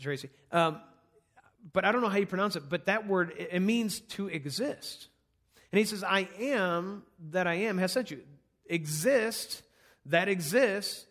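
A pastor with a slightly high, fairly bright voice preaches an earnest, conversational sermon. He works through a scripture passage point by point, numbering each one.

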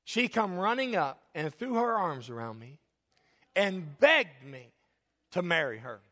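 A man in his forties preaches a lively, jokey sermon, acting out the people in his stories. His voice sits high and ringing, and long hall reverb trails each phrase. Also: a little slow. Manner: animated, jokey, acts out characters in anecdotes. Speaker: pastor. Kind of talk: sermon with storytelling. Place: church sanctuary.

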